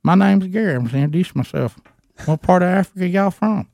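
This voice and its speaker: Man doing a bewildered country bulldozer guy, drawl, pitched up high, plain and folksy. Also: lively intonation, fast talker, creaky, a little mellow, no room sound, clean studio sound. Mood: puzzled folksy. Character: simple rural Southern bulldozer man.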